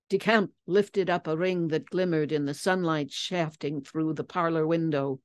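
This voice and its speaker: A woman voice actor giving a measured, expressive dramatic reading of a story. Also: sits low, no room sound, studio quality.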